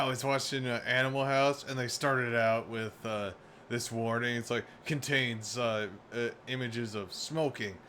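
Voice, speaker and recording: A male streamer in a heated, profane rant, tripping over his words and breaking into laughs. His voice sits at an ordinary pitch. A faint hiss runs underneath. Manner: animated, swears often, laughs mid-sentence; restarts and repeats words as he rants. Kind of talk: profane ranting commentary.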